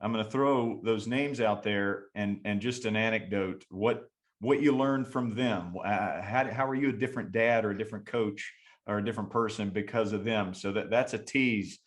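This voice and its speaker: A man with a fairly low voice hosts a casual podcast interview about coaching. He is upbeat and eager, often restarting his sentences and leaning on fillers as he sets up questions. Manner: enthusiastic, with halting restarts and fillers. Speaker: podcast host.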